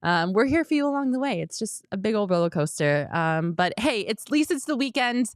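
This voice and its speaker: Young woman doing a solo sports chat show, upbeat and chatty, smooth voice, dry sound. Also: mid-range voice, big pitch swings, dry recording. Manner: upbeat, chatty, quick to laugh.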